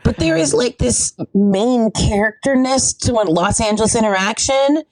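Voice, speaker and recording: A comedian appearing as a podcast guest, a woman, tells a comic story in casual chat, doing voices and laughing often. Her voice is a little high at normal speed, with no echo, on a low-quality recording.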